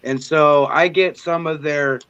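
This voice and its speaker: A man's voice: on the high side, fairly even intonation, measured pace, a bit bright, highs cut off. A man joining a casual chat as a guest, joking in a laid-back way.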